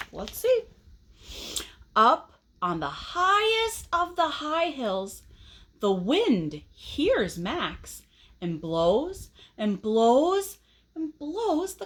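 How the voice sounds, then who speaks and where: Here a high-voiced woman gives an expressive picture-book reading for kids, pausing at points to put questions to them.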